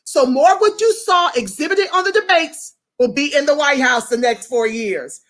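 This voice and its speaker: A woman hosting a casual livestream, reading out viewer comments and greeting each person by name. Her voice sits high and sounds bright and ringing. She talks in an effusive, animated way. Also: moderate pace, hardly any pauses.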